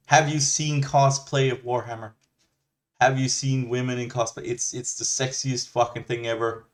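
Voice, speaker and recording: A man's voice: medium pitch, little pitch movement, moderate pace. A man hosting a reaction video, ranting bluntly with lots of swearing and rambling restarts. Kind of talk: ranting commentary.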